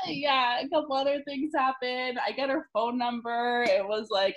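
A young woman podcast host telling a story in casual chat, animated, laughing often and peppering her talk with "like". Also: high-pitched, moderate pace, few pauses, poor audio. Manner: animated, laughing, lots of "like", swears freely.

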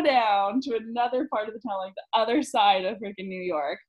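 Young woman podcast host, kinda high voice, super animated, says like a lot, laughs and swears. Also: fairly quick, few pauses, low-quality recording. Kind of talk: casual storytelling chat.

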